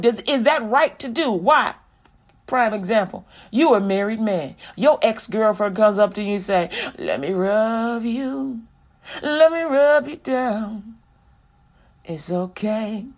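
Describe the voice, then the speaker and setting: A woman preacher delivers an animated sermon, moving between recited scripture and casual, direct talk to her listeners. Her voice sits high and lively.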